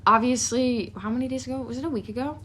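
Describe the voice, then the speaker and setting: A young woman chatting casually on a podcast, animated, swearing and laughing often. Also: fairly high pitch, fast, breathy edge. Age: young adult. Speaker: podcast guest. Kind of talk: casual chat.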